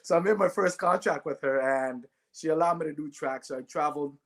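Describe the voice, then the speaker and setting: This podcast interview guest is a Jamaican man and former Olympic sprinter whose fairly high voice runs a little fast. He recounts stories animatedly, regularly throwing in "right?".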